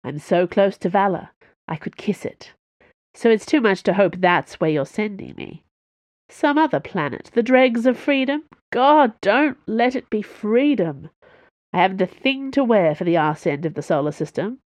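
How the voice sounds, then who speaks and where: A woman's voice: mid-range voice, expressive, moderate pace, a little mellow, dry recording, natural voice. A woman voicing a vain, mocking nobleman with a posh accent in an audiobook. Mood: theatrical whining. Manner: mocking, dramatic.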